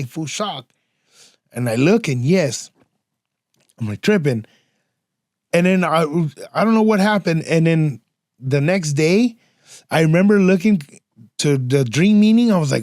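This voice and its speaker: Slangy, profane man with a higher voice. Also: measured pace, no room sound, studio quality. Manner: slangy, profane, animated storyteller. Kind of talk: casual chat.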